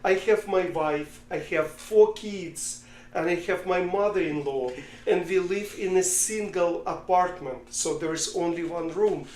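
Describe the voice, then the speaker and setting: A man voicing a desperate poor father with a big family, pleading and shouting in disbelief. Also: high voice, a little slow, echoey room, slight background noise.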